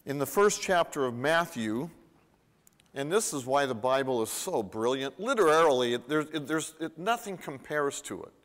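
A pastor delivers his sermon with animated emphasis, swinging between loud, excited lines and quiet, intimate ones. His voice sits a little high for a man, and he often restarts and repeats words. The long reverb of the church hall trails after each phrase. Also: normal speed. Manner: animated, emphatic preaching with rising and falling intensity.

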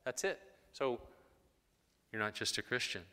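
A man's voice: mid-range voice, unhurried, pushed and bright, smooth, long reverb tail. A man preaching a sermon in a casual, conversational way, briefly acting out quoted voices.

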